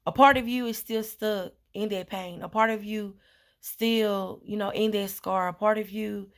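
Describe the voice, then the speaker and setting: A woman's voice: mid-range voice, steady tone, measured pace. A woman vlogger talking earnestly and rambling, with many fillers and repetitions, in a casual heartfelt monologue.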